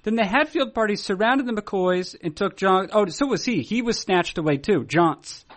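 High-voiced man rambling through a story. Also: expressive. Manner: rambling, halting storyteller with many restarts. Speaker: podcast co-host. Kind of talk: casual podcast chat.

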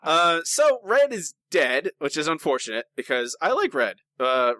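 A man's voice: a little high, sing-song, unhurried, pushed and bright, dry recording. A man co-hosting a podcast in casual chat, talking in an opinionated, rambling way with lots of restarts. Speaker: podcast co-host.

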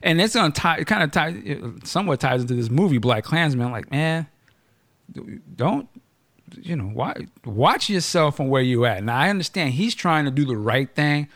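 On a dry recording, this man's slightly high voice carries his casual podcast chat. As host, he jokes with animation and keeps stopping and restarting his sentences.

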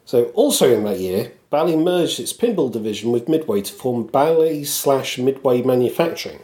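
A man's voice: mid-range voice, sing-song, moderate pace, mellow. A man co-hosting a podcast, chatting casually and quoting lines in put-on voices. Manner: quotes lines in put-on voices, chuckles at himself. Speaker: podcast co-host. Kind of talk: casual chat and scripted segment.

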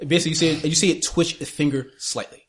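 A man's voice: a little high, quick pace. A man narrating as game master of a tabletop game, describing scenes with laughs and restarts.

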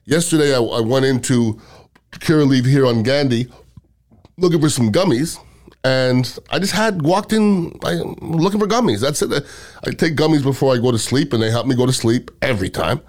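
A man hosting a podcast, talking casually and bluntly in an animated storytelling way. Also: mid-range voice, normal speed. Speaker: podcast host. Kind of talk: casual monologue.

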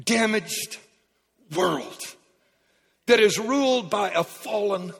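A pastor preaching a sermon in a church, a man who talks emphatically and swings from quiet passages to shouted peaks. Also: high-pitched, slow, gravelly, slightly rough. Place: church sanctuary. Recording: long hall reverb.

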